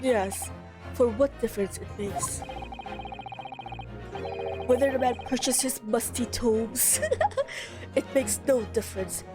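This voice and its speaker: Pompous sneering male prosecutor done by a woman, lively high voice, game music under it. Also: takes it slowly, long pauses. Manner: pompous, mocking.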